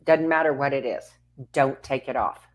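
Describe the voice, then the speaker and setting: A woman's voice: very deep voice, normal speed, highs cut off. A woman co-hosting a casual talk show, backing up her partner with frequent affirmations. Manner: supportive, frequent affirming interjections. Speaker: co-host.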